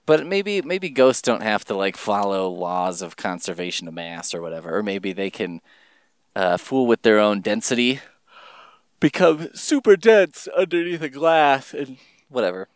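A man rambling casually in a solo podcast monologue, swearing and jumping his pitch for emphasis. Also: moderate pace, clear, resonant tone, dry recording, studio quality.

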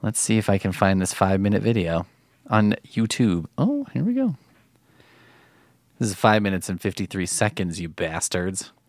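A man's voice: low-pitched, steady tone, normal speed, no echo. A man hosting a reaction video, mocking and incredulous as he comments. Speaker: host reacting to online videos.

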